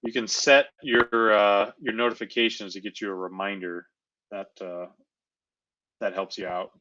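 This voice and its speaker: A man co-hosting a live basketball watch-along, talking in a relaxed, filler-heavy way. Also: lowish voice, moderate pace, lo-fi sound. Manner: laid-back, drops his voice, many fillers. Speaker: co-host. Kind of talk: casual watch-along chat.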